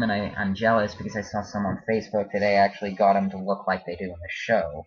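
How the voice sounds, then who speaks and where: A man talking casually in a home vlog, hesitant and halting, with many ums and restarts. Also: fairly low pitch, level tone. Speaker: vlogger. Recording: dull lo-fi home video.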